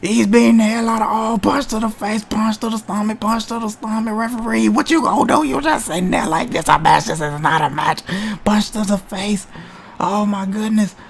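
A young man calls a video game wrestling match like a hyped-up ringside commentator, shouting exclamations and tossing in slang and profanity. His voice has a gravelly edge, and a faint hiss sits behind him. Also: sits high, moderate pace. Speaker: gamer doing mock commentary. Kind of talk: playful mock wrestling commentary over gameplay.

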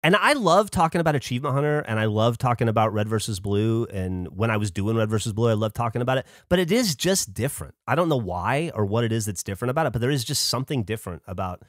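This man talks fast with few pauses in a medium-pitched voice, clean studio sound without echo. Co-hosting a podcast, he tells animated stories in casual chat and performs the voices of those he quotes.

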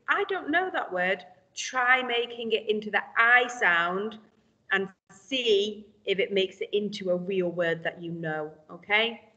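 A woman teaching a phonics lesson to young children, sounding out letters slowly and clearly. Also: medium pitch, pushed and bright, lo-fi sound. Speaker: primary school teacher.

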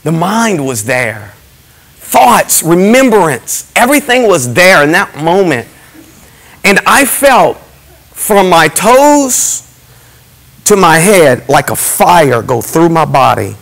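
A middle-aged man, a pastor giving an impassioned testimony in a church service, moving from hushed emphasis to shouting. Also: on the high side, very animated, slow, vocal fry, rough recording.

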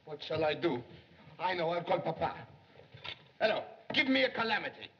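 A flustered, eager young secretary. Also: male voice, fairly high pitch, sing-song, normal speed, breathy edge. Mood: excitable. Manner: jumpy, flustered, pleading. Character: excitable young male police secretary eager to be a detective. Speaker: police secretary. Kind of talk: 1930s film acting. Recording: dull 1930s film soundtrack.

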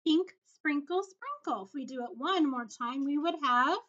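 A woman teacher giving a slow, encouraging video lesson to young children, in a singsong way. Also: sits high, lively intonation, a bit bright, muffled recording.

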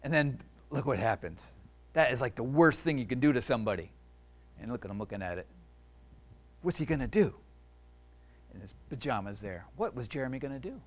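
A man's voice: fairly low pitch, sing-song, fairly quick. A man who is an author and illustrator, chatting casually to a library audience and reading his own picture book aloud, often breaking off to ad-lib. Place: public library event.

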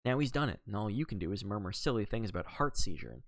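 A man reading a novel aloud, voicing a gruff, blunt middle-aged Englishwoman with a snappish, scornful manner. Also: on the low side, lively intonation, fast talker, dry recording. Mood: indignant.

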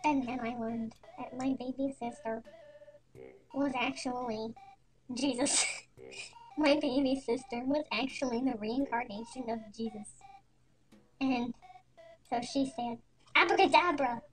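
A woman narrating a parody storytime in a quiet, deadpan, mock-serious way. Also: fairly high pitch, takes it slowly, long pauses. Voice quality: quiet, soft-spoken. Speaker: storytime animator. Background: faint music.

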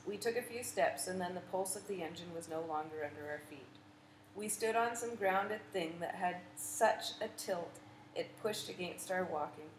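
A woman narrating a literary audiobook in a measured, vivid storytelling manner. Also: on the low side. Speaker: audiobook reader. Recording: echoey room with faint noise.

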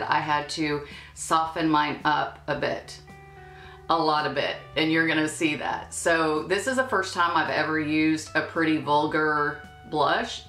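A woman's voice: low-pitched, creaky. A woman chatting casually through a makeup unboxing, with playful asides. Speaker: beauty vlogger. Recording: echoey room with soft music.

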